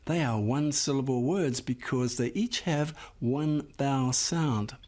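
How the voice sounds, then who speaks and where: A man teaching a phonics lesson, explaining syllable rules patiently and sounding out words slowly and clearly for the class. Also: medium pitch, a little mellow. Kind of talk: slow, clear classroom instruction.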